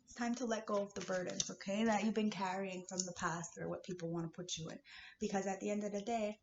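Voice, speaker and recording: A woman from Kahnawake speaks straight to her viewers in a raw, swearing spiritual rant. She jumps from loud outbursts to hushed, breathy asides. The sound is roomy and a little muffled, with a faint hiss underneath. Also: medium pitch, steady tone, fast talker. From Kahnawake, Canada. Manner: fiery, swearing, swings between shouting and whispering. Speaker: vlogger. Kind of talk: emotional spiritual rant to camera. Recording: echoey dull-sounding room with faint hiss.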